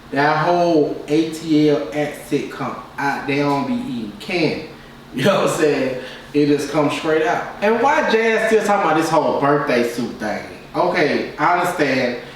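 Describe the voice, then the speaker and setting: A man's voice: on the high side, expressive, normal speed. A man casually giving his opinions as a reality TV reviewer, in a loose, repetitive way with lots of filler phrases. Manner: loose, repetitive, keeps saying "you know what I'm saying". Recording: very echoey room, distant mic, faint noise.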